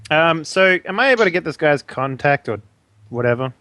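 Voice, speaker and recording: A man's voice: a little high, expressive, fairly quick, pushed and bright, no room sound. A man playing a character in a tabletop game, talking casually and hesitantly. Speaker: player.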